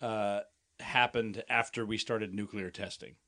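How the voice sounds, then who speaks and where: A man's voice: fairly low pitch, fairly even intonation, measured pace, creaky, sharp tone. A man co-hosting a podcast in casual, rambling chat with restarts and laughs. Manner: rambling, many restarts, laughs while talking. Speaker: podcast co-host.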